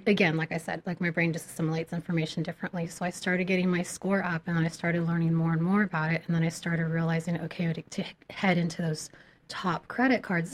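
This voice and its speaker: A woman guest with a slightly raspy voice, explaining credit in a relaxed, casual way with many fillers. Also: fairly low pitch, brisk. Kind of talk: casual interview chat.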